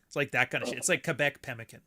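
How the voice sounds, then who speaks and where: A man rattles off rapid-fire talk in a pushed, bright, medium-pitched voice while streaming a block-building game. He rambles, swears plenty and laughs often as he chats casually with friends.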